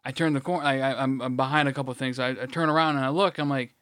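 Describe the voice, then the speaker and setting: Smooth-voiced man telling a profane story. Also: mid-range voice, fairly even intonation, fast, fairly bright tone, dry recording, clean studio sound. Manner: profane, blunt, rambling with restarts. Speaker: podcast co-host. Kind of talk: casual storytelling chat.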